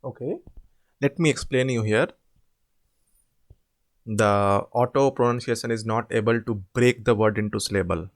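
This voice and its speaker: A man, tutoring students through assignment answers, slowly drawing out example words to demonstrate them. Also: mid-range voice. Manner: drawn-out demonstration words, repetitive. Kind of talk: informal screen-share explanation.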